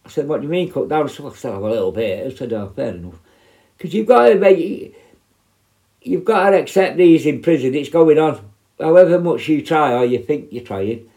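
A man's voice: fairly high pitch, animated, a little fast, warm tone. A middle-aged man, telling prison stories in a blunt, sweary, rambling way. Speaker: former prison officer. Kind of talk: casual storytelling.

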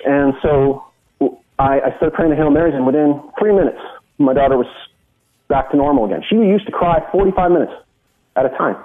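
A middle-aged man with a husky, breathy voice tells a personal story, earnest and full of little restarts. His voice comes through narrow and tinny, like it is carried over a phone line. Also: fairly high pitch, a little fast. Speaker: guest. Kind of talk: personal testimony in a conversation.

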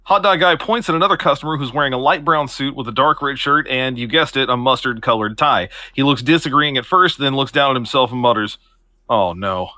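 A man reads stage directions for a comedy sketch in a dry, matter-of-fact way. His voice is bright and forceful, sitting at a middle pitch. The sound is dry and close. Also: a little fast, hardly any pauses, no room sound. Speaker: podcast co-host. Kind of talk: reading scene narration for a comedy sketch.

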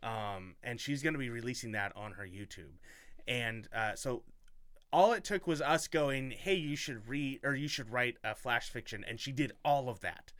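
Give me a man hosting a podcast, rambling and self-mocking, with a clear, resonant voice. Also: mid-range voice, moderate pace, fairly bright tone, dry recording, clean studio sound. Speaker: podcast host. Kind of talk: casual chat.

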